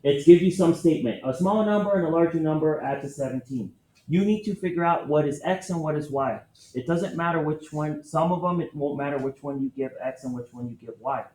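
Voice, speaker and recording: A man teaches a math lesson in a classroom, patiently breaking each step down and putting questions to his students. His voice is mellow and sits slightly high. The room is echoey, with a faint hiss of noise behind him. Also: brisk.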